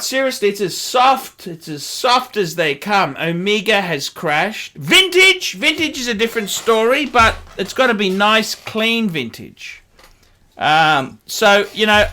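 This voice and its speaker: Scornful Australian man, high and slow. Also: bright, forceful tone. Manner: sardonic, scornful, repeats catchphrases. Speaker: watch dealer. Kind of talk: ranting commentary vlog.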